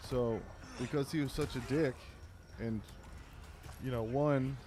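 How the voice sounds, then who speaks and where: A man's voice: mid-range voice, steady tone, a little slow, noisy background. Profane, laid-back man telling stories. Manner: loose storytelling, profane, laughing. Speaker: co-host of a gameplay podcast. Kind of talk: casual chat over gameplay.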